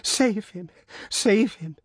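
A man voicing a terrified noblewoman and mother in a storybook reading, crying out in high, pleading tones. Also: unhurried, breathy edge, no room sound, studio quality. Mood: desperate.

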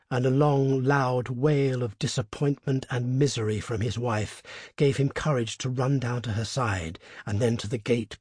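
A man narrates a story in a measured, hushed and tense reading. His voice is husky and mid-pitched. The sound is dry and close, with no room. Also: no room sound. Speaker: reader. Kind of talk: scripted narration.

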